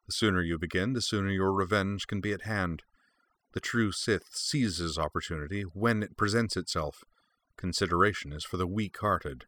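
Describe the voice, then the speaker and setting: A man reading aloud voices a cold, threatening male Sith lord with a low, forceful voice. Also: moderate pace, no echo. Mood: menacing.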